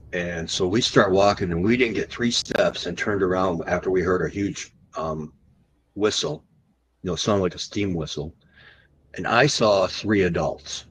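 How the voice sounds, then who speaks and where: A man as a podcast guest, recounting an encounter story animatedly and slowing down for the tense moments. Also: low-pitched, a bit bright, slight background noise, poor audio.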